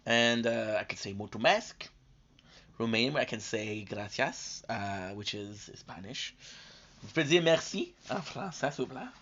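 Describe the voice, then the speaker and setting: A worn-out man chats through a late gaming live stream, rambling and restarting his sentences with plenty of fillers. He sounds like he is coming down with a cold, and his voice sits in an ordinary middle pitch. The stream audio is muffled and lo-fi. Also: lively intonation, unhurried, a bit bright. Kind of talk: casual live-stream chat.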